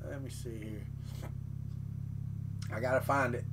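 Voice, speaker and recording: With background noise present, the middle-aged 3D printing streamer chats unhurriedly in a steady, medium-pitched voice, reading chat and telling rambling folksy stories in the morning.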